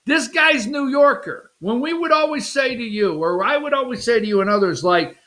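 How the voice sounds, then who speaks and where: High, lively talk show host, a man. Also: normal speed, hardly any pauses. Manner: animated, rambling, jokey asides. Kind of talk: opinionated political talk show.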